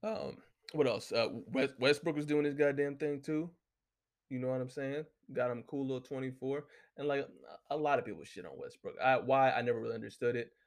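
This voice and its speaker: Gravelly man ranting and cursing. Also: mid-range voice, a little fast. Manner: heated, cursing freely, lots of filler. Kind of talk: casual profane rant.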